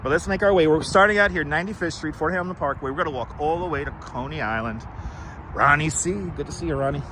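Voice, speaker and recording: A man's voice: on the high side, quick pace, background noise. Chatty New man streaming outdoors. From Brooklyn, New York. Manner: chatty, rambling, greets viewers by name. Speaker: live-stream host. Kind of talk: casual walking live stream. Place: outdoors on city streets, walking. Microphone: wireless clip-on mic.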